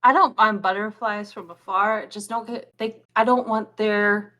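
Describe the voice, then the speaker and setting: A woman's voice: mid-range voice, fairly even intonation, measured pace, pushed and bright. A woman co-hosting a reaction video, chatting casually and animatedly, swearing and laughing often. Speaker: reaction channel co-host. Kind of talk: casual chat.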